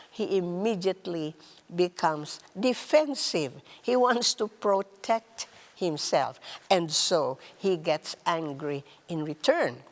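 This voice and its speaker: A woman gives a slow, deliberate talk on relationships, her voice sitting fairly low. Her pitch swings widely as she stresses words, then sinks to a soft hush on key phrases. A long reverb trails behind her. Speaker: host.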